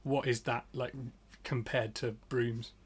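Husky-voiced male podcast co-host, rambling joking storyteller, chatting at home. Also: medium pitch, level tone, takes it slowly. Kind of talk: casual chat.

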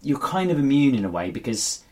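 A man who is a musical comedian, chatting as a podcast guest in a halting way, with many restarts. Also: medium pitch, sing-song, darkish tone. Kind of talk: casual podcast chat.

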